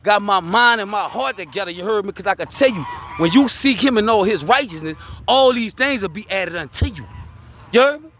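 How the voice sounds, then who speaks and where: A man's voice: high voice, animated, a little fast, a bit bright, slight background noise. A man with a Louisiana accent talking casually and preachily about hard lessons and faith, often asking "you heard me?". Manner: preachy street talk, keeps repeating "you heard me?". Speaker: vlogger sharing his life story. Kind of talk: casual motivational talk.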